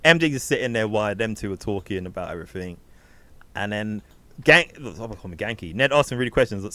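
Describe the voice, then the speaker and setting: A man in casual chat, recapping a film's plot and acting out characters' lines in quick asides. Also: fairly low pitch, lively intonation, pushed and bright. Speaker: film review podcast co-host.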